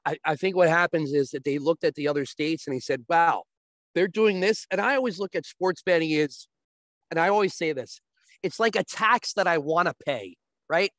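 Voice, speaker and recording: A man as a guest on a talk show, explaining sports betting step by step and often checking with a quick "right?". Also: on the high side, fairly bright tone, dry recording.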